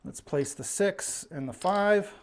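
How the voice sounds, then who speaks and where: A little hiss or hum sits under a high-pitched man speaking at a slow pace as he hosts an easygoing live stream. Slightly out of breath, he chats, calls his play, and reads viewers' names aloud.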